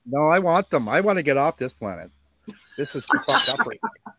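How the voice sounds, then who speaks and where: Lively-pitched man joking around. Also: normal speed, creaky, slight background noise. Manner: joking, swearing banter. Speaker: guest, drummer. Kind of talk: casual livestream chat.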